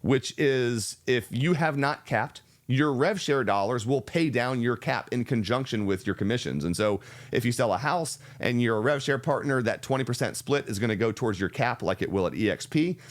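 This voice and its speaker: A man hosting a reaction video, explaining a business model in a measured, step-by-step way with some restarts. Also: mid-range voice. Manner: measured, explanatory, restarts and fillers, speeds up and slows down. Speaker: real estate channel host reacting to a video.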